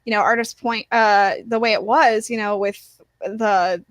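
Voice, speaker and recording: A woman's voice: mid-range voice, steady tone, measured pace, a bit bright, dry recording. A woman co-hosting a casual podcast, thinking aloud, hesitant, with many fillers. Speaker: podcast co-host. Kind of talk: casual chat.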